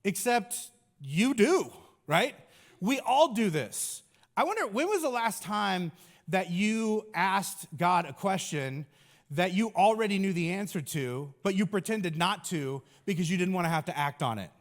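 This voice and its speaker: A man's voice: high-pitched, animated, measured pace. A middle-aged man preaching a conversational sermon as a pastor, casual and joking, with many fillers.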